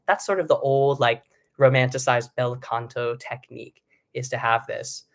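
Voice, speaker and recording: The young vocal coach has a gravelly, mid-range voice and talks at an ordinary speed. He's teaching singing live online, explaining calmly and singing short demonstrations along the way.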